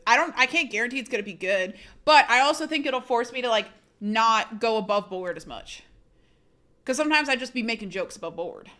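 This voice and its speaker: Woman streamer, casual chat, bright tense tone, pitched a bit high, quick laughs, loose swearing. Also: animated. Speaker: live streamer.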